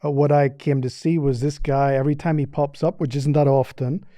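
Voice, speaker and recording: A man's voice: medium pitch, fairly even intonation, fairly quick, dark tone, no echo. A man from Northern Ireland with a Northern Irish accent, a seminary professor talking as a podcast guest in a friendly, explanatory way. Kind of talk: casual podcast interview. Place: studio.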